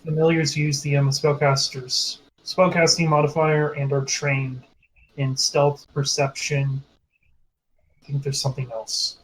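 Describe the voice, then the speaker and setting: A man's voice: medium pitch, flat delivery, a little slow, a little hiss or hum, low-quality recording. A man playing a tabletop game who talks hesitantly, with many fillers and restarts. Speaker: player. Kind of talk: casual tabletop play.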